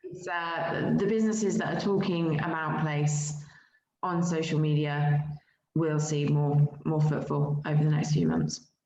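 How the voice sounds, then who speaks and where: A woman's voice: sits low, flat delivery, unhurried, a little mellow, a little hiss or hum. A woman briefly chiming in on a video call, speaking plainly and apologetically. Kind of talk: casual remarks on a video call. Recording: dull, echoey video call.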